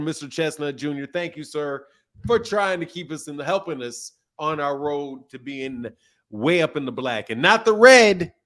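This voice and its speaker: A male stream host with a slightly high voice, thanking viewers and needling his caller in a playful, mock-formal way. He stretches words out and calls people "sir" over and over. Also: fairly bright tone. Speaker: show host. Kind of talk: live-stream call-in chat.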